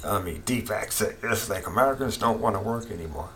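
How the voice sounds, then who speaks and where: A man's voice: lowish voice, expressive, fairly quick, fairly bright tone, a little hiss or hum. A middle-aged man giving an impassioned, repetitive opinion monologue as a political commentator. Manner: impassioned, ranting, repeats himself.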